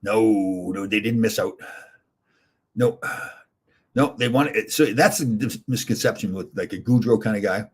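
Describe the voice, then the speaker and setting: Husky, rambling middle-aged male streamer. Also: on the low side, moderate pace, pauses often. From Canada. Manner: rambling, chatty, reads viewer comments aloud. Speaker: livestream host answering chat. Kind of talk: casual chat.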